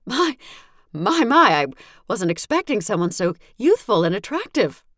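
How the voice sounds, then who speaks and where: A gushing, flirtatious mother with a bossy streak, her voice pitched well up and sing-song, as a woman narrator puts her on. It is a close, dry audiobook read with no room sound. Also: big pitch swings, measured pace, fairly bright tone, dry recording. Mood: flirty. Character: flirtatious, pushy middle-aged mother.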